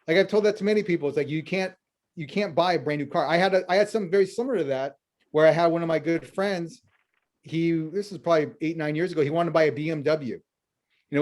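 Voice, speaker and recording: Brief: male financial planner guest, fairly high voice, spins stories and acts out both sides of the dialogue. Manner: lively anecdotes full of quoted dialogue. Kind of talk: storytelling in a conversational interview.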